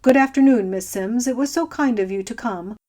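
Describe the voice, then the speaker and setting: A woman voicing a fussy, anxious elderly gentleman who talks in a prim, fretful, genteel way. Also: on the high side, fairly quick, natural voice. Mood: flustered.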